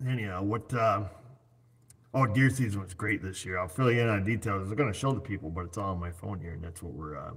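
Speaking quickly in a low, slightly bright voice, a man in his forties runs a chatty, jokey livestream through the computer on his screen. He rambles freely, and a little hiss or hum can be heard.

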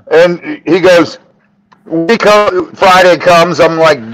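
A man chatting as a podcast guest, telling animated stories and acting out his friends' lines. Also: high voice, slow, low-quality recording. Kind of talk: casual podcast chat.

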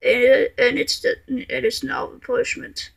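A woman voicing a quick-tempered female computer error that scolds the user, threatening and stammering as she goes. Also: high voice, flat delivery, creaky, breathy edge, full character voice. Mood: angry scolding.

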